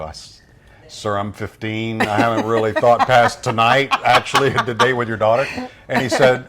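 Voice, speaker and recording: A man's voice: medium pitch, moderate pace, slight background noise. A man, a radio voice-over veteran casually telling stories about his career as a guest. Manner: relaxed storyteller acting out quoted voices. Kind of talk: casual storytelling interview.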